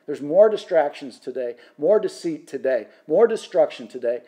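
A man preaching through a Bible chapter with a mellow, warm tone pitched a little high. He builds to fervent emphasis and often restarts his phrases as he goes. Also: lively intonation, normal speed. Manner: impassioned, rising to fervent emphasis, with frequent restarts. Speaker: Bible teacher. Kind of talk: sermon-style Bible teaching.

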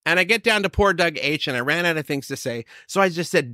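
Guy telling his sobriety story, kinda high voice, dry close mic, does the voices of people he quotes. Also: animated, a little fast, bright, forceful tone, no room sound. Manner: storytelling, acts out quoted exchanges. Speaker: recovery speaker. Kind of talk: personal story share.

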